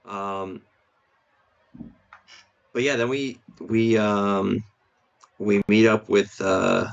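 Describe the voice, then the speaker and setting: A man's voice: lowish voice, steady tone, extremely slow, vocal fry. A man co-hosting a casual film review podcast, talking hesitantly with many restarts and fillers. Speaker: podcast co-host. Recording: dull lo-fi stream audio.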